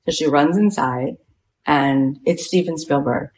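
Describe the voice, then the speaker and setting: A woman hosting a talk show, retelling a story in a chatty, animated way with lots of filler words. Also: sits low, a little slow, rough recording. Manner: lively, retells events with acted-out quotes. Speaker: podcast host and coach.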